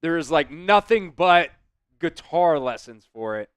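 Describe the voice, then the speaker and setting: A man hosting a live stream, chatting with viewers and shouting excited play-by-play football calls. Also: fairly high pitch, measured pace, clean tone, no room sound.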